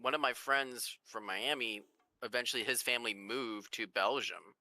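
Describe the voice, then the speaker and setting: A man's voice: mid-range voice, steady tone, normal speed, bright, forceful tone, no room sound. A man chatting casually on a stream, telling a laid-back story. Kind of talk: casual chat.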